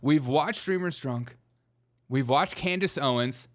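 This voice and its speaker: A man's voice: mid-range voice, a little slow, fairly bright tone. Male stream host, casual reaction commentary, dry humor, laughs a lot. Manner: wry, joking, laughs often.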